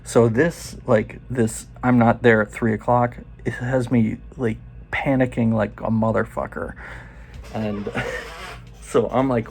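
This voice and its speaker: A man's voice: medium pitch, fairly even intonation, darkish tone. A man in his forties telling a loose, profane story in a casual first-person way. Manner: loose and profane, quoting others in quick asides.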